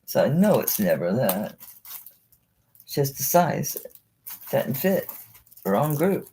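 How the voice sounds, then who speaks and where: Excitable low-voiced woman selling jewelry. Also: slow, a little hiss or hum. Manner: chatty, excitable, talks to the jewelry. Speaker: online jewelry seller. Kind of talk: live-stream sales chat.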